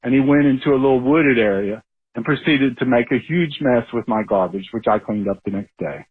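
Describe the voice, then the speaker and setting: Animated male caller on a husky phone line. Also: mid-range voice, a little fast. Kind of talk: phoned-in storytelling.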